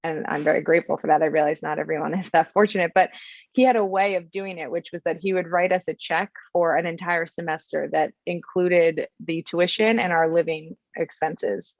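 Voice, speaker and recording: A woman's voice: fairly low pitch, no room sound. A young woman from Florida, a podcast guest telling a personal story in an earnest, reflective way, with many ums and restarts. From Florida, USA. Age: young adult. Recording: dull, dry, lo-fi sound.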